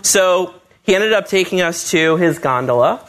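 Guy telling his own story live, kinda high voice, chill and wry, sets up the jokes. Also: normal speed. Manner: easygoing, wry, builds to punchlines; calm and collected. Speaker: storyteller, husband of a patient.

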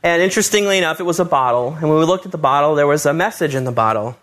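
Talking at a racing pace in a voice on the high side, a man recounts his proposal and family in a personal story. He narrates with animation, performing the voices of those he quotes.

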